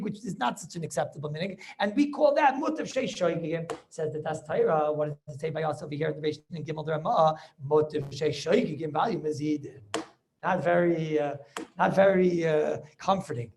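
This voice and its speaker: Animated high-pitched rabbi, gravelly. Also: male voice, a little fast, a little hiss or hum. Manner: animated, argumentative, rhetorical questions, Yiddish-laced yeshiva English. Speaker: rabbi teaching a Talmud class. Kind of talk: lively Torah class lecture over video call. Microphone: video call.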